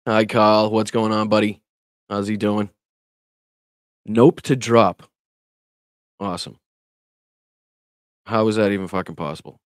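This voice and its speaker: A man's voice: lowish voice, little pitch movement, unhurried, pauses often, clean tone, no room sound, studio quality. A man hosting a casual political livestream who talks straight to his chat, laughs often and swears when annoyed. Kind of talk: casual live-stream commentary.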